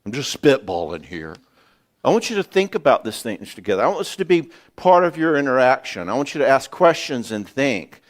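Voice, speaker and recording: A man in his sixties, a psychologist giving a folksy, animated seminar talk on marriage, often acting out conversations. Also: medium pitch, brisk, few pauses. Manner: animated, folksy, acts out dialogue. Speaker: psychologist and speaker.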